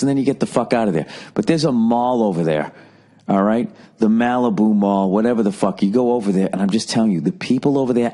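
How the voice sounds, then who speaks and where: A man's voice: fairly low pitch, darkish tone. A man in his forties with a Boston accent, ranting profanely through a casual solo monologue as podcast host.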